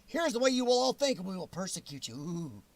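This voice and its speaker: A man's voice: high-pitched, very animated, brisk, creaky, slight background noise. A man hosting a livestream, ranting angrily and sarcastically with plenty of profanity. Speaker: livestream host.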